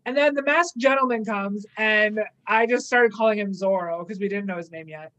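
A woman's voice: mid-range voice, moderate pace, hardly any pauses, fairly bright tone, low-quality recording. A young adult woman in casual chat, animatedly recapping an episode and slipping into playful quoted asides. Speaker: podcast co-host.

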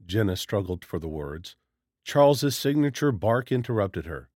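A man reading a horror story aloud as narrator in a steady, dramatic storytelling manner. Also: on the low side, normal speed, no echo, clean studio sound.

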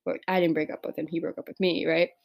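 A teenage girl from New York talking through her breakup on her own podcast, rambling and filling every pause with "like" and "right?". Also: deep voice, level tone, vocal fry, a little mellow. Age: teens. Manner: rambling, heavy use of "like" and "right?". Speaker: podcast host. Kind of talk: casual personal podcast monologue.

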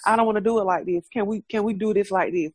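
A woman talks in a frank, animated way, cursing freely and breaking into laughter. Her voice sits at a mid pitch and is recorded close and dry, with no room sound. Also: fast, slightly rough, dry recording. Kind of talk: casual chat.

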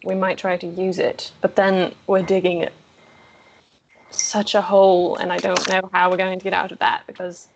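A woman's voice: lowish voice, completely flat delivery, normal speed, noisy background. A woman playing a tabletop game, talking hesitantly and thinking aloud in character. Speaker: player. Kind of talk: casual role-play chat.

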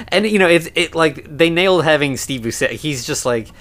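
A man's voice: fairly high pitch, animated, normal speed, fairly bright tone. A man co-hosting a podcast, talking through a film in a casual, rambling way with many fillers and restarts. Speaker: podcast co-host.

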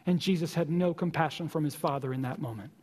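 A man preaching a sermon as pastor, with impassioned, repetitive exhortation and slow emphatic stresses. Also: fairly high pitch, darkish tone, husky, big-room sound.

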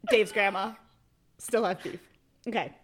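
A woman co-hosting a podcast in casual chat, animated and giggly, reading messages aloud with playful emphasis. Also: medium pitch, measured pace, a little hiss or hum. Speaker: podcast co-host.

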